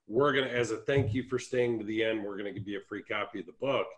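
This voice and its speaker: A man hosting a casual interview over a video call, explaining things in a relaxed way. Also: fairly low pitch, fast talker. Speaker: host.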